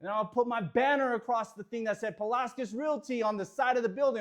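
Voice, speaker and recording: A man with a very high voice gives an energetic motivational talk to a real estate team in an office. He moves between quiet reflection and shouted affirmations.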